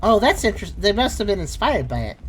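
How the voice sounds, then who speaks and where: Animated woman narrating her gameplay. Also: mid-range voice, quick pace, slight background noise. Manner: animated, exclaiming, thinks aloud. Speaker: gameplay commentator. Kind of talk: casual let's-play commentary.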